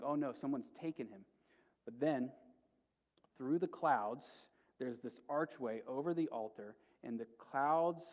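A male pastor giving a sermon, retelling a story with animated emphasis and repeated phrases. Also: mid-range voice, in a large hall. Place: church sanctuary.

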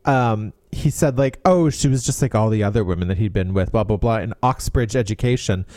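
A podcast co-host in casual chat, poking fun at a romance novel with sarcastic asides and quick character bits. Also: medium pitch, darkish tone, dry recording, clean studio sound.

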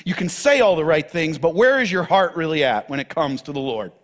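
A man preaching a sermon as pastor, teaching from the Bible with emphatic, animated delivery. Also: a little high, a little fast.

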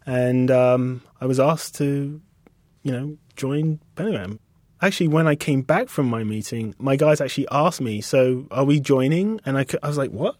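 A British man in his thirties, a designer being interviewed, speaking reflectively and haltingly with many restarts. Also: mid-range voice, darkish tone, no echo. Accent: British English. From England. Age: 30s. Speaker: guest designer. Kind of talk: casual interview conversation.

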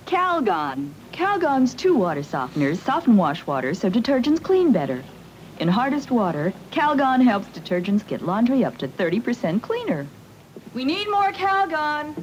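Casting: a lively, teasing housewife, old TV ad, faint hiss. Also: female voice, a little high, normal speed, poor audio. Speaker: wife in a laundry ad. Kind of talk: vintage TV commercial acting.

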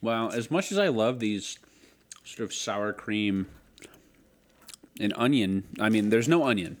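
A man's voice: fairly low pitch, animated, measured pace. A man co-hosting a casual chat, loose and rambling, with crude asides. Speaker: podcast co-host.

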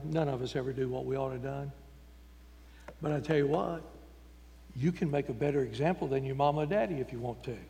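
A man's voice: on the high side, gravelly, a little mellow. A man preaching a folksy, emphatic sermon in a church. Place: church sanctuary. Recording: long church reverb.

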